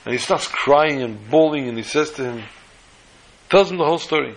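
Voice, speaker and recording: A man telling a story aloud, acting out the characters' lines with a raised, excited voice. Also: fairly high pitch, normal speed, rough recording. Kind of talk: animated oral storytelling.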